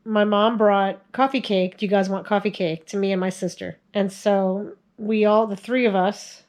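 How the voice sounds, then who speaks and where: A woman in her forties with a mid-range, darkish voice tells family stories to the camera as a video host. She's casual and chatty, laughing often as she goes.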